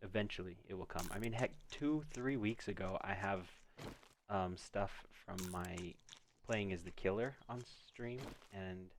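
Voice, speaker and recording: A man's voice: deep voice, background noise. A middle-aged man streaming a game, chatting goofily with his viewers and muttering to himself as he plays. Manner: goofy, chatty, talks to chat and himself while playing. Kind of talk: casual game stream chat.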